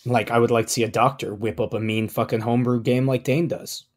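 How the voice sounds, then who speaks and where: A man co-hosting a podcast in casual chat, reading things aloud with a blunt, wry, deadpan delivery. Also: mid-range voice, quick pace. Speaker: podcast co-host.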